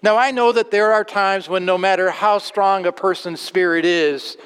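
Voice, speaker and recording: Male pastor, sermon, resonant high tenor, long hall reverb. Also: fairly even intonation, fairly bright tone, smooth. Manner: earnest, repeats words, slows on key phrases. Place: church sanctuary.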